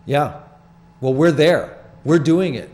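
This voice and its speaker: An older man hosting a small public-access TV show, explaining his photographs in halting, rambling, earnest talk from the studio. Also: fairly high pitch, dark tone. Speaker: show host presenting his sky photographs.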